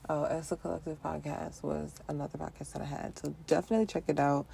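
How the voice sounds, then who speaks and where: A woman hosting her own solo podcast, talking to the listener in a relaxed, reflective way with playful asides and frequent laughter. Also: deep voice, fast, vocal fry, a little hiss or hum. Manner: playful, laughs often, talks to listener directly; casual speech with repeated phrases. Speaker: podcast host.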